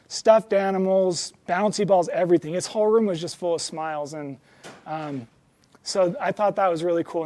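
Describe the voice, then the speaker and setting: A man's voice: fairly high pitch, a little mellow. A young man telling personal stories as a guest speaker, earnest and heartfelt, with many ums and restarts. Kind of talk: storytelling talk to an audience.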